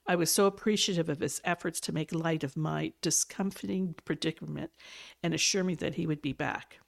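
A woman with a low, gravelly voice reads a novel aloud, expressive and steady, now and then fixing a slipped word. Between chapters she chats easily with a guest. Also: brisk. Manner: expressive reader with small slips and self-corrections. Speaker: podcast host reading a novel aloud. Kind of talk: audiobook-style reading, then casual chat.

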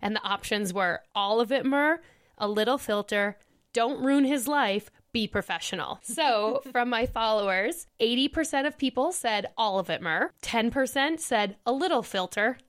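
A woman's voice: on the high side, moderate pace, a bit bright. A young woman from Minnesota hosting a podcast, telling a dating story in a chatty way and laughing often. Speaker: podcast host. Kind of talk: casual storytelling podcast chat.

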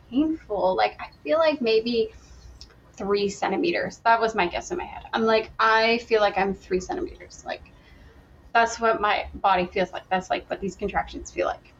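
A woman's voice: mid-range voice, a little hiss or hum. Chatty young woman with a dull, lo-fi sound. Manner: chatty, laughs often, acts out her own past lines. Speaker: podcast guest. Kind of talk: casual storytelling.

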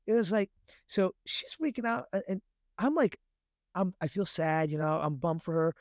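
A man's voice: sits high, moderate pace, no echo, studio quality. A man in his thirties co-hosting a podcast, telling a family story in a casual chat and acting out voices as he goes. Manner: animated storyteller, acts out his kids' voices. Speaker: podcast co-host.

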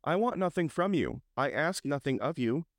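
A man's voice: a little high, animated, moderate pace, no room sound, voice pushed up, lightly acted. A man reading a storybook and voicing a cheerful, earnest young nephew with a friendly manner, in a dry recording.

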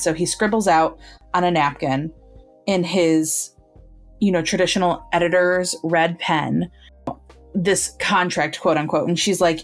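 A woman co-hosting a book podcast, chatting casually as she retells scenes and jumps higher to quote the characters. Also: measured pace, faint music behind. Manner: retells scenes, quoting characters in livelier raised tones. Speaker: podcast co-host. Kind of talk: casual book review chat.

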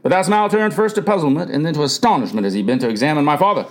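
Male audiobook narrator, earnest first-person storyteller, lively pitch. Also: very fast. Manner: earnest, raises pitch for quoted voices.

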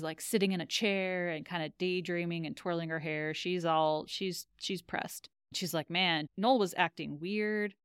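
A woman's voice: fairly low pitch, smooth, no room sound, studio quality. A woman co-hosting a podcast, casually recapping a TV episode in storytelling fashion and laughing often.

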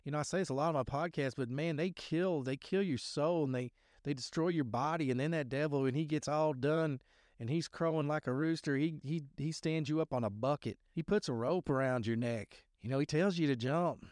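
A man's voice: fairly high pitch, darkish tone, dry recording, studio quality. Preachy, rambling podcast host man. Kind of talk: sermon-like recovery talk.

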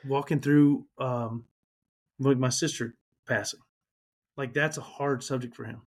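A man's voice: medium pitch, steady tone, measured pace. A man in his thirties, a podcast guest, candidly and reflectively telling a personal story, emotional at times.

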